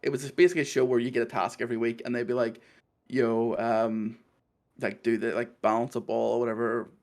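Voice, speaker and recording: A man with a Belfast accent in casual chat, talking quickly in rambling runs and laughing often. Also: medium pitch, flat delivery, a little mellow. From Northern Ireland.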